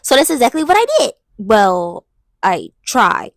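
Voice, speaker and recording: A woman's voice: medium pitch, very animated, unhurried, vocal fry, dry recording. A young woman telling a dramatic, slangy storytime vlog. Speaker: vlogger. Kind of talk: casual storytime monologue.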